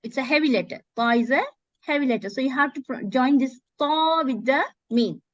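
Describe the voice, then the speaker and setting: A woman teaching Quran recitation in an online lesson, demonstrating words slowly and often correcting herself. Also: high-pitched, no echo. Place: online video call. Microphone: computer mic on a video call. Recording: dull, dry video call audio.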